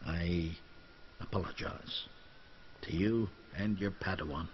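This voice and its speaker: Brief: deep-voiced stern male Jedi master, faint ambience. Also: slow, highs cut off, slight background noise. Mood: grave. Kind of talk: video game voice acting.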